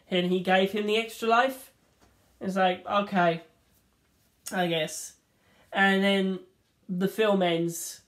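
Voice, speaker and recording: A woman reviewing a film in a rambling, casual monologue, swearing freely and acting out the scenes. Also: medium pitch.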